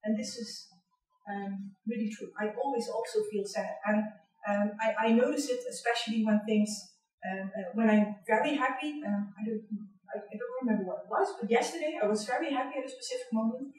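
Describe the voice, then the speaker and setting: A middle-aged woman with a Dutch accent, giving a candid, personal university lecture in a large hall, often pausing on "um" and checking in with "right?". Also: fairly high pitch, lively intonation, darkish tone. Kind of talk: public lecture. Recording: echoey hall, distant mic.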